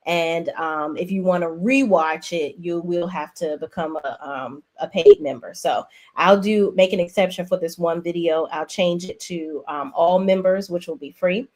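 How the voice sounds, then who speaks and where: A woman's voice: fairly low pitch, moderate pace, hardly any pauses, a little mellow. A woman hosting a casual livestream, chatting in a sassy, talkative way and calling her viewers "y'all". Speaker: livestream host.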